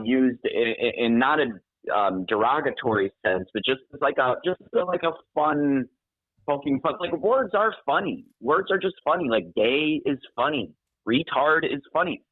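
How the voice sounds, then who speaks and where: A man's voice: medium pitch, dry recording. A man calling in by phone, chatting casually, rambling with frequent restarts and laughs. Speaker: caller. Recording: tinny phone line.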